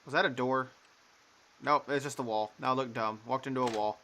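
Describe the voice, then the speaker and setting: A man giving offhand, joking commentary as he plays through a mystery game. His voice is bright and forward, at an ordinary pitch. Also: fairly even intonation, fairly quick, slight background noise. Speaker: let's play gamer. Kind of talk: casual gameplay commentary.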